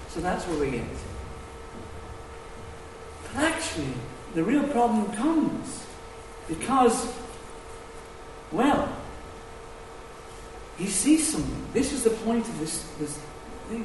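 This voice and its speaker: Animated preacher in an echoing hall. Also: male voice, very high-pitched, slow pace, pauses often, background noise. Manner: animated, swings between hushed asides and loud emphatic declarations. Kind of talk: sermon. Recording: echoey hall, distant mic.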